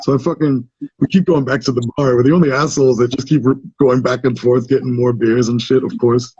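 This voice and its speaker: Irish guy telling a story, husky voice, swears a lot, laid back, dull lo-fi audio. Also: medium pitch, fairly even intonation, brisk, warm tone, no echo. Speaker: guest. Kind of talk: casual storytelling chat.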